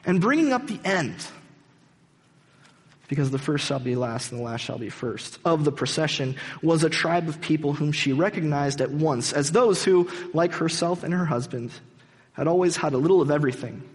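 A man's voice: a little high, a little fast, a little mellow, slightly rough. A man preaching a sermon, retelling a story in an earnest, dramatic storytelling manner. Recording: hall reverb.

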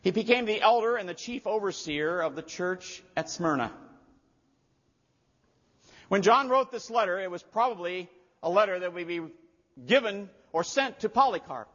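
A pastor with a high voice delivers a sermon in storytelling fashion, surging into loud, forceful emphasis. The sound is muffled and lo-fi, with a long reverb from the church hall around him. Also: male voice, lively intonation, normal speed, long pauses. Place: church sanctuary.

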